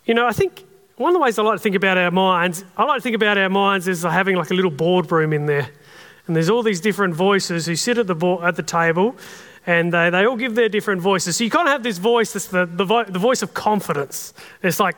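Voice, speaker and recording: A man's voice: high voice, fast, a bit bright. A man with an Australian accent preaching a sermon in an earnest, conversational way. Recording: long hall reverb.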